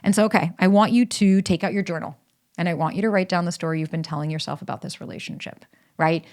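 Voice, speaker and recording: Animated woman podcast host, emphatic. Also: on the low side, fast talker. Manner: emphatic, animated, casual swearing. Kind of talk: solo podcast monologue with ad read.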